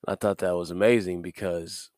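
Male devotional podcaster, a little stuffy from a cold, low-pitched, recorded dry and close. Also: steady tone, normal speed, darkish tone, no echo. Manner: upbeat and preachy, laughs between points. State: recovering from a cold. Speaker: podcast host.

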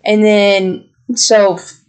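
A woman's voice: medium pitch, extremely slow, smooth. Exasperated young woman telling a story. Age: young adult. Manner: exasperated, animated retelling with mimicked quotes. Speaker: podcast co-host. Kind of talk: casual storytelling chat.

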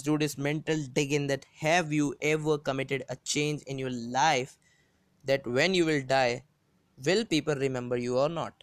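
Earnest man, smooth resonant voice. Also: a little high, dry recording. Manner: earnest, repeats and rephrases himself with frequent hesitations. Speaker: podcast host. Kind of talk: solo motivational podcast monologue.

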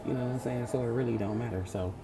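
A woman telling a story from work in an animated, slangy, swear-heavy casual chat. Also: extremely low pitch, very fast, noisy background.

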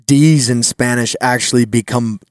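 A man's voice: mid-range voice, steady tone, moderate pace, smooth, dry recording. Teasing, chuckling podcast man. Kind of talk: casual banter.

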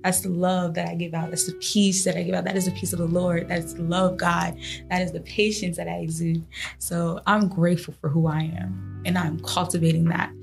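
A woman's voice: on the low side, level tone, brisk, vocal fry, soft background music. A woman hosting a motivational faith podcast, speaking earnestly and encouragingly to her listeners, often breaking into laughter. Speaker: podcast host.

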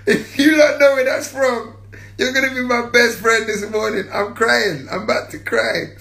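Playful bright-voiced man on a livestream. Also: very high-pitched, steady tone, gravelly, roomy sound. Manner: playful, laughs often, drawn-out shouted catchphrases. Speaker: livestream host. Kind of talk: casual livestream chat.

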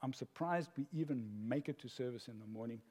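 An older man preaching a sermon as pastor, an animated storyteller who laughs at his own jokes. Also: mid-range voice, a little fast, breathy edge. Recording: long hall reverb.

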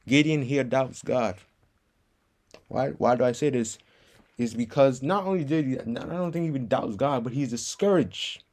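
A man's voice: medium pitch, measured pace, long pauses, darkish tone. A man preaching a podcast sermon with passion, repeating lines for emphasis.

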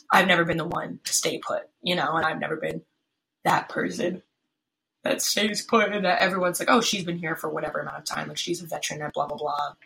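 A woman's voice: sits low, vocal fry, a bit bright, poor audio. A young woman in her twenties hosting a casual solo podcast, talking in a rambling, tired way, full of fillers and restarts, from her apartment. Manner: tired, yawning. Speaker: podcast host. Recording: faint background noise, pen clicks.

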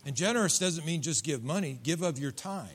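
A man's voice: a little high, animated, fairly quick. A middle-aged man preaching a sermon in a church, folksy and joking, acting out voices from his congregation. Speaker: pastor. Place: church sanctuary.

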